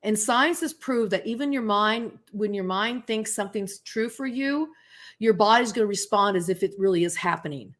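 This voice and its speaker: A woman guest tells stories casually on a radio talk show. She keeps her voice at an everyday middle pitch and acts out the voices of people she quotes as she goes. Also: normal speed, fairly bright tone. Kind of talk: casual interview storytelling.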